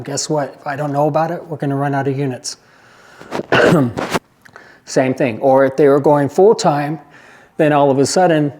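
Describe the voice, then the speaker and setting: This male presenter at a care agency meeting has a fairly high, steady, slightly mellow voice and speaks at a moderate pace. He keeps the briefing informal and plain, going over points more than once and checking whether anyone has questions.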